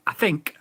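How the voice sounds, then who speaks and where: A man's voice: bright, forceful tone, slight background noise. A man reviewing a drone radio in a casual vlog, getting exasperated and swearing as he repeats voice commands.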